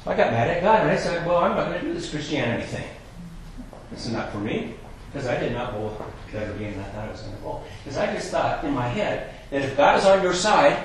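A man preaching a sermon, telling a jokey personal story and moving between quiet asides and raised preaching. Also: mid-range voice. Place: church hall. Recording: very echoey hall with faint noise.

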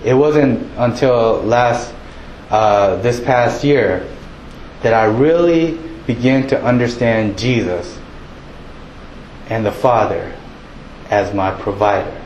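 A man preaching a sermon in a relaxed, conversational way, acting out townsfolk with a raised voice. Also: mid-range voice, slow pace, long pauses, roomy sound, slight background noise, rough recording. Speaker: pastor.

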